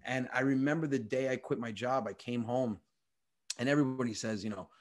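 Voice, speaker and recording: A man, a comedian, telling a personal story with animated, profane energy. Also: medium pitch. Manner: animated, profane, quick-talking. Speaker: comedian guest. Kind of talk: comic storytelling.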